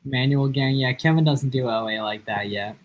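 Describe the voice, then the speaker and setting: A man's voice: mid-range voice, moderate pace, low-quality recording. Rambling young-sounding man on a livestream. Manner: rambling, heavy use of "like" and "um" fillers. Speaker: livestream co-host answering viewer questions. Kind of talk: casual livestream chat.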